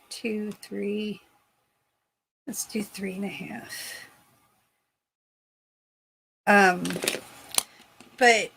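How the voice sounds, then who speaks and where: Slow, chatty woman crafting on stream. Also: medium pitch, sharp tone. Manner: chatty, thinking aloud while working. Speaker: craft live stream host. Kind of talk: casual crafting demonstration. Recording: noisy room recording.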